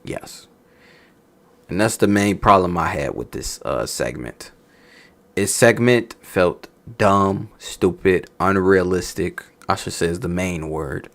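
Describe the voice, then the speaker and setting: Slow and low-sitting, this man's voice carries a relaxed wrestling-show review. He curses, laughs, and tells animated stories in casual reaction talk.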